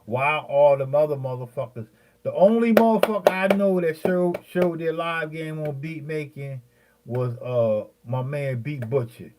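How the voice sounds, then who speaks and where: A man in his fifties, a beat maker, ranting heatedly at his viewers, profane and rambling, with many fillers and pauses. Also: on the high side, darkish tone, a little hiss or hum. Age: 50s.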